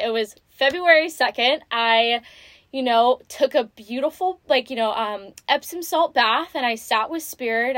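A chatty woman in her twenties hosts a podcast, her voice high and bright in pitch. She tells her story casually, full of "like" and "you know", and the sound is dry and close. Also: dry recording. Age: 20s. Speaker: podcast host. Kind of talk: casual chat.

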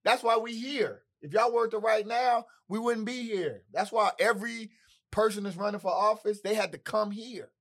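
A man's voice: high voice, normal speed, a bit bright. A man with a Chicago accent hosting a casual panel interview with lots of hype-man energy. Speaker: host.

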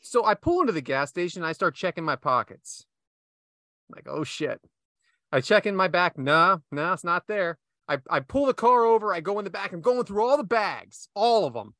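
A man's voice: high-pitched, sing-song, moderate pace, pushed and bright, no room sound, studio quality. A man hosting a casual podcast, telling a rambling story full of self-asides. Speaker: podcast host.

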